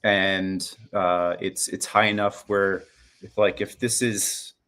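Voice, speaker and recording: A man's voice: low voice, level tone, takes it slowly, pushed and bright. A man in his forties co-hosting a casual video-call chat, rambling and restarting his sentences. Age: 40s. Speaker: podcast co-host.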